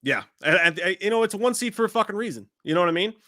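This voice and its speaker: Bright-voiced man hosting a live show. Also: high-pitched, expressive, rapid-fire, dry recording, clean studio sound. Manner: loose, profane banter. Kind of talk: casual live-stream chat.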